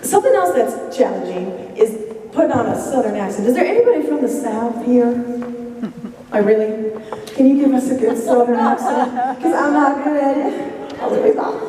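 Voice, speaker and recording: A woman's voice: fairly high pitch, expressive, normal speed, crowd noise. A woman leading a school choir, chatting to a concert audience in a loose, rambling way with bursts of laughter. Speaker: choir director. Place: school gymnasium. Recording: echoey gym recorded from far off with audience.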